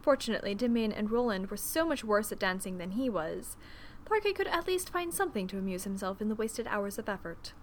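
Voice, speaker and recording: A woman narrating an audiobook in an expressive, measured storytelling manner. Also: medium pitch, slight background noise.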